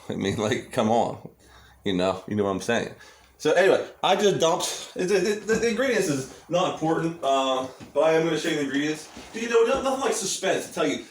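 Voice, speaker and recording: A man's voice: fairly high pitch, reverberant. A man rambling cheerfully through a casual home cooking vlog at his stove, restarting sentences often. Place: small home kitchen at the stove.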